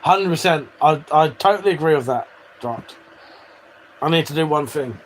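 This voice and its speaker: A man's voice: a little high, animated, normal speed, slight background noise. A British man chatting casually with viewers on a live stream, swearing freely and bantering. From United Kingdom.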